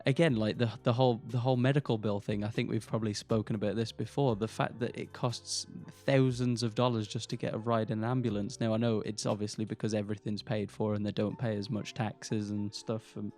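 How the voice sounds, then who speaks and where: A man's voice: on the low side, flat delivery, a little fast, few pauses, a little mellow, soft background music. Rambling British podcast co-host man. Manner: rambling, restarts sentences, swears casually. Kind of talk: casual chat.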